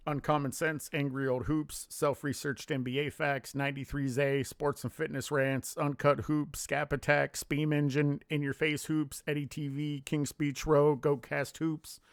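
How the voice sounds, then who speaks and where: A man's voice: fairly high pitch, little pitch movement, unhurried, few pauses, smooth, dry recording, clean studio sound. A man delivering a heated, profane solo rant as a sports commentary vlogger, scornful and blunt. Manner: heated, profane, contemptuous ranting.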